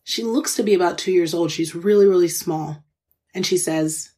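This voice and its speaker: A woman's voice: lowish voice, a little fast, mellow. Earnest woman telling a personal story. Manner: earnest and candid, openly emotional; faith-filled, conversational, addresses listeners directly. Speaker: podcast host.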